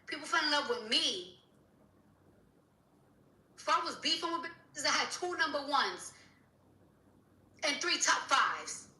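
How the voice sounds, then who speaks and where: A woman's voice: sits high, expressive, takes it slowly, pauses often, bright, forceful tone, reverberant, distant mic, poor audio. A woman rapper in an angry, profane rant on social media, repeating herself as she scolds someone.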